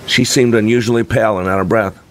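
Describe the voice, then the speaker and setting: A man's voice: lowish voice, fairly even intonation, quick pace. A man reading a first-person story aloud in a reflective, earnest manner. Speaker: narrator.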